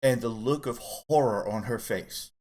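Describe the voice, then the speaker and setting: A middle-aged man telling a candid personal story in casual chat, earnest and halting as he opens up. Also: medium pitch, a little mellow. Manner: earnest, halting, open about emotion. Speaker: co-host guest dad.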